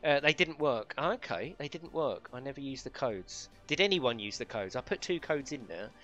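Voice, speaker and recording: A chatty man running a live game stream, his voice bright and forceful as he banters, swears lightly and laughs along. Faint music plays behind him. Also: mid-range voice, lively intonation, normal speed, muffled recording. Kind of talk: casual live-stream chat.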